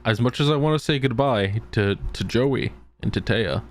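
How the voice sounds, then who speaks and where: A man's voice: medium pitch, normal speed. A man co-hosting a podcast in casual comedic chat, swearing and spinning silly scenarios. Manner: animated, profane, storytelling. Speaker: podcast co-host.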